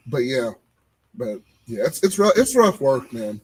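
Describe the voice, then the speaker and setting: A man, co-hosting a casual podcast and telling animated stories about his old job. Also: medium pitch, measured pace, slightly rough, rough recording. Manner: animated storytelling, repeating phrases. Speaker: podcast co-host. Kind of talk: casual chat.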